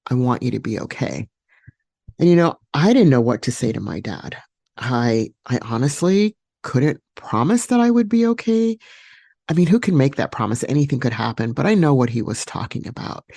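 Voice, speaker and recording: A woman hosting a podcast, telling a personal story solo in a reflective, unhurried way with many fillers and restarts. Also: rumbling low, darkish tone, no room sound, studio quality. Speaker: podcast host.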